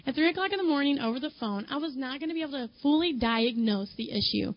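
A woman's voice: high voice, lively intonation, fast, muffled recording. A woman who is a mother speaks to a women's group in a chatty, conversational sermon, addressing her listeners directly and filling her talk with "you know".

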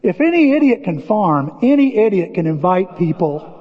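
Animated preaching man, lively voice. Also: high voice, normal speed, husky. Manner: animated, storytelling, shouting bursts of excitement. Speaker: pastor. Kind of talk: sermon. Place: church sanctuary. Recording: dull lo-fi audio with long church reverb.

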